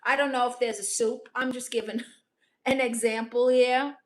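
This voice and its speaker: A young woman from Brooklyn reading out her chat on a casual livestream, dry, deadpan and sarcastic. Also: a little high, normal speed. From Brooklyn, New York. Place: home in Los Angeles.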